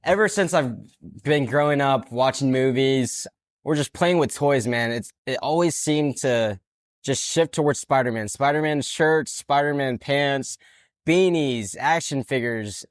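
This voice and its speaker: A man's voice: mid-range voice, unhurried, dry recording. A young man talks about the movies he grew up with in a laid-back, slangy way. His voice sits mid-range, captured close and dry. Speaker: podcast co-host. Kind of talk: casual chat.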